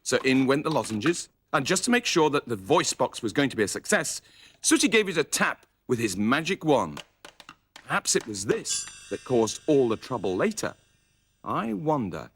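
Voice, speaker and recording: A man narrating a children's puppet story, lively and quick to slip into character voices. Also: medium pitch, husky.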